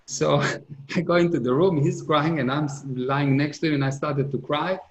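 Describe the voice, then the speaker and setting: A man's voice: on the high side, fairly even intonation, moderate pace, lo-fi sound. A middle-aged man giving a motivational seminar talk, earnest and repetitive, speaking English with non-native grammar. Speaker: business speaker. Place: conference hall. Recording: roomy hall echo.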